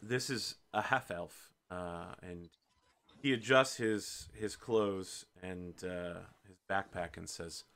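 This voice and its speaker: A man's voice: low voice, slow pace, fairly bright tone. A man hosting and narrating a tabletop role-playing game as game master, in a chatty, self-deprecating way.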